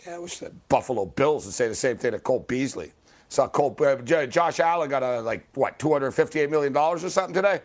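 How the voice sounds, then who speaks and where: A man hosting a late-night sports talk radio show, ranting angrily and swearing at athletes, with loud high-pitched outbursts. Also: expressive, fast. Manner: angry, swearing, heckling athletes by name.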